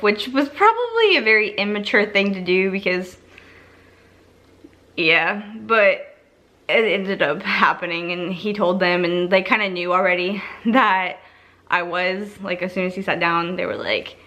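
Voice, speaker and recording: A woman's voice: mid-range voice, normal speed, pushed and bright. A young woman telling a personal story in a casual, chatty way, full of "like" fillers and acted-out quotes. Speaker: vlogger.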